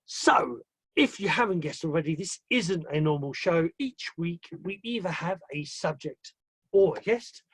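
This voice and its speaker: Male podcast host, high husky voice, dry close sound, chatty, playful, rambling. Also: expressive, measured pace, no room sound. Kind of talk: casual livestream chat.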